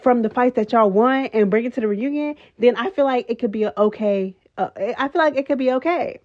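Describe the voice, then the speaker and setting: A woman's voice: on the high side, fairly quick, darkish tone, muffled recording. A woman hosting a reality TV recap, chatting casually and sassily, often calling her listeners "child" and "girl". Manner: chatty, sassy, says "child" and "girl" a lot. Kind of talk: casual gossip commentary.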